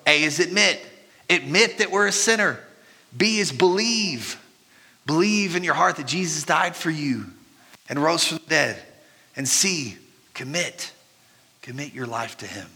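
Man, pastor preaching, earnest conversational sermon, self-deprecating, very bright tone, long hall reverb. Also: on the high side.

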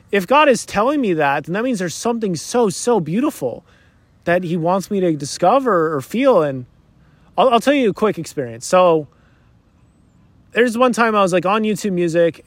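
A young man hosting his own podcast, reflecting on faith in a chatty, animated way with lots of fillers. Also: a little high, dry recording. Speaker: podcast host. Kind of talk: casual religious reflection.

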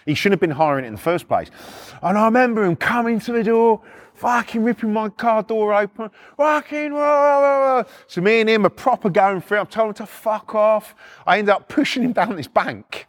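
Animated swearing man telling stories. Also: sits high, brisk. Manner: animated, swears constantly, acts out voices. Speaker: podcast storyteller. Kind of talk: casual anecdotal storytelling.

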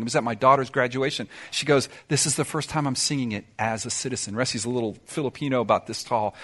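A middle-aged man preaching a sermon in a church, emphatic, swinging between loud declarations and soft, confiding asides. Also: mid-range voice. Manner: sings song lyrics in snatches. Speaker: pastor.

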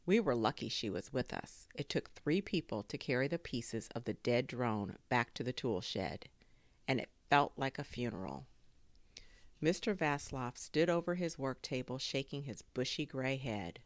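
Woman, very low voice, animated children's read-aloud, dry studio sound. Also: normal speed, dry recording. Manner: expressive, with sound effects. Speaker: story reader.

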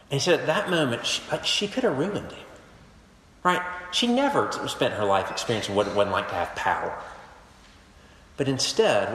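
A male pastor preaching a sermon, telling stories with animated swings between emphatic and hushed delivery. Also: medium pitch, slight background noise. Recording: echoey hall with long reverb.

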